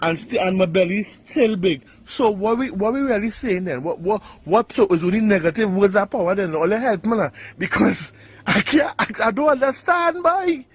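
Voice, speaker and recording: A man delivers a comic monologue in a played clip. His delivery is wry and mock-puzzled, and his voice sits high. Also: expressive, normal speed, breathy edge. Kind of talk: comic social-media monologue.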